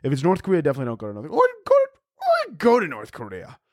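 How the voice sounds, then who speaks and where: A man hosting a comedy podcast, telling rambling, profane, self-mocking stories full of restarts and sudden excited yells. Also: racing, dry recording, studio quality. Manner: jumps into high excited yells for comic panic. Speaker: podcast host.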